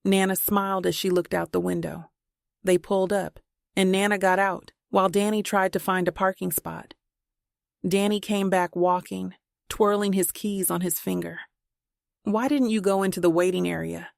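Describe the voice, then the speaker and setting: A woman narrating a novel in steady, plain storytelling, recorded on a close mic. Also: medium pitch, moderate pace, gravelly, dry recording. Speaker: audiobook narrator. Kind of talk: scripted narration.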